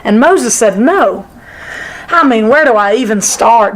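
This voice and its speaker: A woman's voice: fairly high pitch, expressive, measured pace, low-quality recording. A woman teaching a women's Sunday school class in a church, emphatic and repetitive in her delivery. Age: adult, former sixth-grade teacher.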